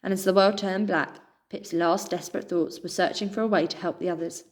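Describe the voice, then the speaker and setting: A woman reading a children's adventure story aloud with expressive narration. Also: on the low side, fairly quick. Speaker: children's book reader.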